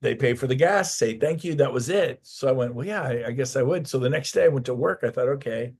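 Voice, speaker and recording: A man's voice: medium pitch, fast talker, darkish tone, slightly rough. A middle-aged man, a real estate coach, telling a personal story in a casual interview and acting out the voices of the people in it.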